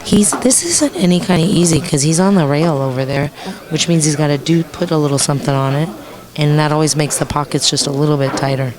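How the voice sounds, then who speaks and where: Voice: mid-range voice, a little fast. A commentator calling a pool match on a live stream, chatty and jokey, laughing easily. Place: pool hall. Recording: pool hall crowd audible behind.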